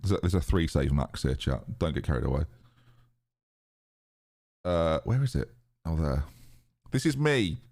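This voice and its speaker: Chatty British man, lively sarcastic commentary. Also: a bass voice, measured pace, pauses often. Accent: British English. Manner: chatty, sarcastic, reads chat aloud. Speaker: streamer. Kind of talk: casual live-stream commentary.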